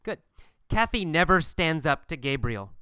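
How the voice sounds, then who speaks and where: Male English teacher, bright and crisp, slightly higher pitched, deliberate and repetitive. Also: big pitch swings, no echo, clean studio sound. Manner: slow, emphatic, repeats phrases for learners. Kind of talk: scripted language lesson.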